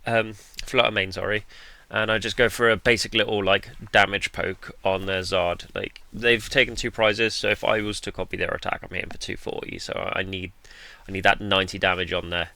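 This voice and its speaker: A man's voice: fairly low pitch, steady tone, normal speed, creaky, hardly any pauses, bright, forceful tone. A man giving laid-back, self-deprecating commentary over his own card game match, with the odd bit of mild swearing. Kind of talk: casual gameplay commentary.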